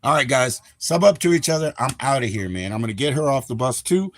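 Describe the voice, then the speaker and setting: A man's voice: mid-range voice, expressive, brisk. A man chatting casually on a live stream, rambling in a laid-back way with lots of slang.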